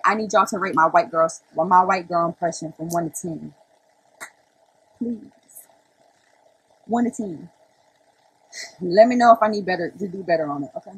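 A woman's voice: on the low side, unhurried, long pauses, bright, forceful tone, slightly rough, low-quality recording. A young woman chatting on a live stream to her viewers, brash and profane, laughing often. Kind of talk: casual livestream chat to viewers.

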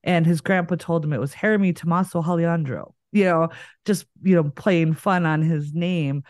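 A woman's voice: deep voice, fairly even intonation, normal speed, a little mellow, dry recording, clean studio sound. A woman from northern Minnesota with a slight Minnesota accent, hosting a podcast and telling rambling stories in casual chat. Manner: chatty, rambling storyteller who laughs often. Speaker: podcast host.

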